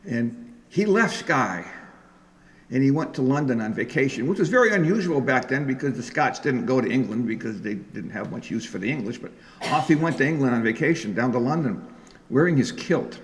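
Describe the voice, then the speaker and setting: A man's voice: medium pitch, lively intonation, brisk. A man telling folk stories and leading a live sing-along in a library event room. He talks in a chatty, joking way and coaxes the audience to join in. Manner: jokey, chatty, coaxing the audience. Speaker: folk singer and storyteller. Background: guitar.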